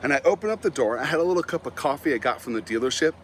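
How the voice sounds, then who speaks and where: A middle-aged man with a slightly higher voice tells funny stories from his own life as a Christian motivational speaker. He is animated and self-mocking and often laughs at himself. A faint noise sits under his voice. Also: racing. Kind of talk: humorous storytelling talk.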